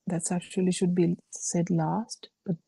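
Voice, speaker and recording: A woman giving a slow, halting Buddhist dharma talk over a video call, with frequent fillers. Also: on the low side, level tone, gravelly, mellow, husky, no room sound, low-quality recording. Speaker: Buddhist teacher.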